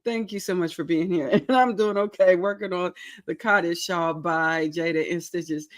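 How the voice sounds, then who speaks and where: Hosting a casual crochet livestream, a tired woman greets viewers and reads the chat aloud, giggling often. Her voice is lowish with fairly even intonation at a normal speed, and her manner is goofy, playful and self-mocking.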